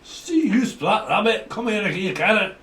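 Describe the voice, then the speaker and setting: A man's voice: sits high, expressive, measured pace, fairly bright tone, voice pushed up. A man putting on a jokey Scottish accent, playing a brash, teasing Scottish man. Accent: mock Scottish. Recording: roomy, distant mic, faint hiss.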